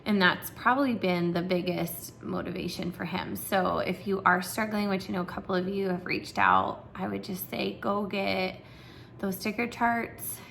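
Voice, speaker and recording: A woman's voice: mid-range voice, moderate pace, vocal fry, a bit bright, slight background noise. A young woman, a preschool teacher, chatting casually and encouragingly to parents with lots of fillers.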